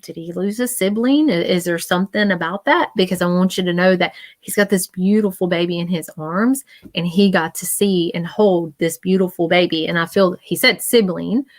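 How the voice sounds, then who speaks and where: A woman's voice: on the low side, dry recording. A woman giving a live-stream psychic reading in an earnest, reassuring, repetitive way, and she gets emotional as she talks. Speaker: psychic medium.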